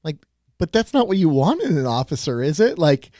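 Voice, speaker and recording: A man co-hosting a podcast in casual chat, lively and often asking questions. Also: fairly high pitch, a little fast, no room sound, clean studio sound. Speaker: podcast co-host.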